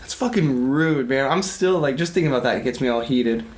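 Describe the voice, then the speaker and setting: A young man co-hosting a podcast who chats casually, agrees often and tosses in quick interjections. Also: medium pitch, expressive. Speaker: podcast co-host. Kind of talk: casual chat.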